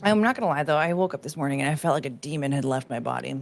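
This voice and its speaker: Woman streamer chatting away, lively up-and-down voice, a bit low, reads out viewer names. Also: very fast, vocal fry. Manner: chatty, greets viewers, sing-song asides. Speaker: livestream host. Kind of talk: casual livestream chat.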